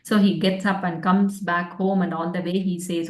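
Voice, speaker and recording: A woman's voice: lowish voice, level tone, moderate pace, few pauses. Reflective woman teaching a class. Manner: reflective, searching for words, gentle. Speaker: spiritual study group teacher. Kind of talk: storytelling scripture class. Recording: roomy sound from a distant mic.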